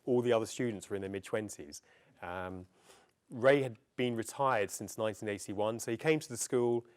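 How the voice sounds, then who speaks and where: A middle-aged man presents to a festival audience in a relaxed, anecdotal way, pausing often with ums and uhs. His voice sits a little low. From England. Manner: chatty, anecdotal, with frequent ums. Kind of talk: public talk. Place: festival venue before an audience.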